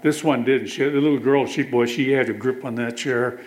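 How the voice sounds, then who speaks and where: Over poor audio, a preacher with a medium pitch and fairly even intonation speaks at normal speed. He weaves stories into his sermon, quotes scripture, and puts questions to his listeners.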